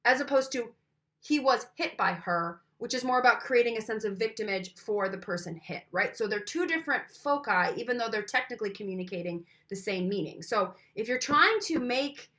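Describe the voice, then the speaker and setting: Young woman teacher, bright voice, chatty lecture, asks you questions as she goes. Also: on the high side, animated, a little fast. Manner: conversational, asks the listener questions, demonstrates voice changes. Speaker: instructor. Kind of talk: recorded lecture.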